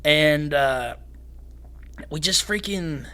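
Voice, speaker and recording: A young man from Canada, a fighter guest on a podcast, talking fast and excitedly and swearing freely. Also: a little high, smooth. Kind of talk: casual podcast conversation.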